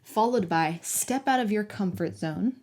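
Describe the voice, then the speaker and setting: Gentle woman giving a tarot reading. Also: medium pitch, animated, a little slow. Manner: soft, affectionate, talks directly to the viewer. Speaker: tarot reader.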